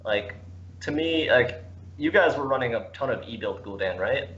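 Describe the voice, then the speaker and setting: A man's voice: mid-range voice, expressive, normal speed, a bit bright. A man in casual chat who laughs easily and trips over his words, repeating little starts before finding his point. His voice sits in a middle register and comes through dull and muffled, like lo-fi online call audio. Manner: laughs often, stammering restarts. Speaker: esports player guest.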